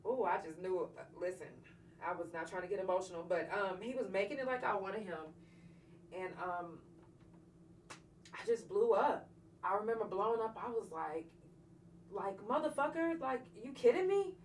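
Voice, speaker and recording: A woman's voice: medium pitch, moderate pace, long pauses, recorded from a distance. A woman hosting her own podcast tells a hard personal story with blunt, profane candor. She sounds set back from the mic in an echoing room, with a faint hiss of noise behind her. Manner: blunt, profane, emotionally charged retelling. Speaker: podcast host. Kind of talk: candid personal storytelling on a livestream.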